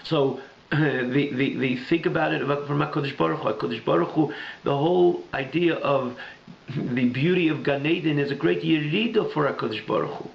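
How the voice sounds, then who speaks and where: A man with a heavily gravelly voice gives a Torah class, telling a parable in halting, repeating phrases. The room echoes around him and the recording sounds dull and lo-fi, with faint noise underneath. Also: fairly high pitch. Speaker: Jewish teacher.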